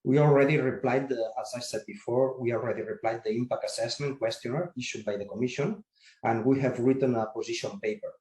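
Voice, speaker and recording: A man, secretary general of an industry association, answering interview questions in a formal, measured way with occasional restarts. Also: medium pitch, fairly even intonation, a little mellow. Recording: roomy echo.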